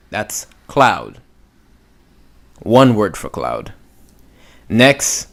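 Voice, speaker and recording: Slow, patient male language teacher. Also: lowish voice, huge pitch swings, gravelly. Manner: patient, drawn-out pronunciation demos. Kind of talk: slow spoken lesson.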